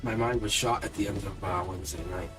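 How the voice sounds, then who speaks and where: A man's voice: low voice, steady tone, quick pace. A man hosting a live tarot reading stream, chatting casually and rambling with lots of fillers and self-deprecating asides. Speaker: tarot reader hosting a livestream. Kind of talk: casual livestream chat. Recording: music playing clearly behind the voice.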